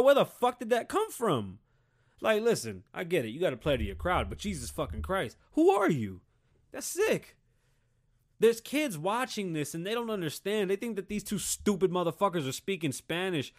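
A man's voice: sits high, very animated, normal speed. Heated, foul-mouthed man ranting. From Puerto Rican. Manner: blunt, heated, heavy swearing. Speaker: podcast host. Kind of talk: casual profane rant.

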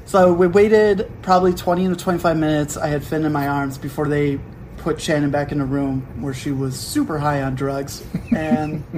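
A young man chats on his home podcast, telling a story in an animated way and acting out bits of dialogue. His voice sits a little high. A faint hiss runs under the recording. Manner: animated storytelling with quick put-on quotes. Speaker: podcast host. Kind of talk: casual chat.

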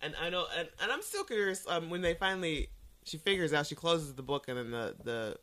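A woman's voice: deep voice, animated, fairly quick, a bit bright. A woman co-hosting a podcast in casual chat, retelling scenes animatedly and laughing often. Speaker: podcast co-host.

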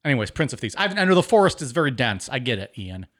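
A man's voice: mid-range voice, big pitch swings, fast, fairly bright tone. A man co-hosting a podcast, bantering casually with profanity and rambling jokes. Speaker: podcast co-host.

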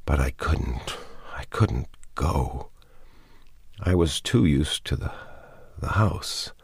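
A man reading the part of a wounded dying man who speaks in faltering, breathy half-whispers. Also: rumbling low, animated, slow pace, dry recording, full character voice. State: in pain, out of breath.

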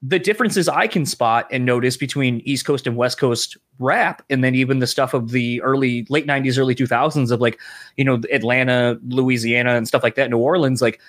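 A man's voice: medium pitch, brisk, a bit bright. A man, hosting a casual chat, rambling and reflective with lots of "you know" and "like.". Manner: rambling, reflective, many fillers.

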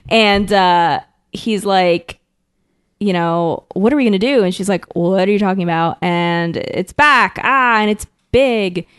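A woman chats through a story recap at an ordinary pitch, jumping into the characters' voices as she goes. The sound is dry and close. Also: a little slow, clean tone, no echo. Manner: animated retelling, acting out characters' lines with laughs. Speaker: podcast co-host recapping an episode. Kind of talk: casual chat.

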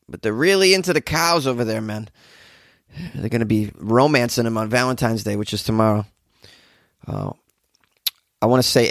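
A hungover man hosting a podcast, reading odd news stories with rambling, sarcastic commentary and low energy. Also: creaky, no echo, clean studio sound. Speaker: podcast host.

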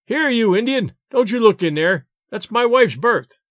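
A man voicing an excitable, protective married ballplayer with a loud scolding voice. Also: very high-pitched, moderate pace, no echo, clean studio sound, pitched above the performer's own voice. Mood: alarmed.

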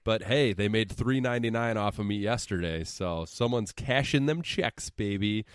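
Low-voiced man recapping a movie sarcastically. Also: moderate pace, clean tone, no echo, clean studio sound. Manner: sarcastic, profane storytelling. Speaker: podcast co-host. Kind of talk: casual podcast movie recap.

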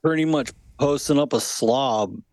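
A man's voice: medium pitch, measured pace, darkish tone, no echo. Male podcast co-host, mid-range voice, easygoing, short casual remarks. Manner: brief, easygoing interjections and questions. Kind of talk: casual chat.

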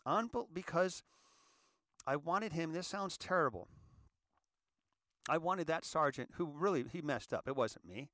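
A man of sixty from California, hosting a show and telling his story in an earnest, halting monologue that often repeats words. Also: fairly high pitch, animated, a bit bright, no echo. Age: 60s. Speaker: show host. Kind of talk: confessional monologue.

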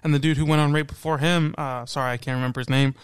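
A man's voice: a little high, fairly even intonation, fast, clear, resonant tone, dry recording, studio quality. A man with a South Jersey accent hosting a podcast, talking in casual chat, emphatic and insistent, swearing freely. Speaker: podcast host.

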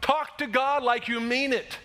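A man preaching a sermon, animated and emphatic, acting out quoted voices and rising to shouts. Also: very high voice, unhurried. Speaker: pastor.

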